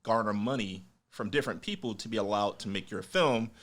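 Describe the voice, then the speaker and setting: A man who is an independent filmmaker, co-hosting a podcast in relaxed, filler-heavy chat. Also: on the low side, brisk. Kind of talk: casual film chat.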